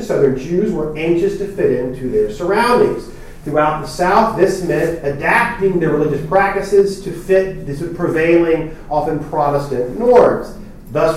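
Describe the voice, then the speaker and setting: A man's voice: high voice, a little mellow. Man lecturing in an echoey hall. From New Jersey. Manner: reads prepared text, with fillers and self-deprecating asides. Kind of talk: academic lecture. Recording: very echoey hall, speaker far from mic.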